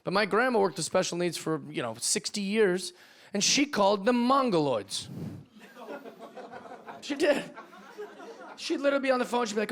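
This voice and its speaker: A man from Seattle works a comedy club stage, ranting energetically and tossing in "right?" after punchlines. His voice sits high for a man. A live audience murmurs and laughs faintly behind the handheld mic. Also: lively intonation, moderate pace, pauses often, fairly bright tone, some chatter behind. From Seattle, USA. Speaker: stand-up comedian. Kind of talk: stand-up comedy set.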